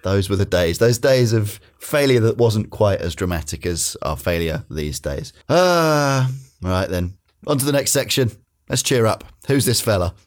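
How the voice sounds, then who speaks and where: A man's voice: fairly low pitch, lively intonation, measured pace. A man on a casual football podcast, bantering in a jokey, playful way. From England. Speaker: podcast guest.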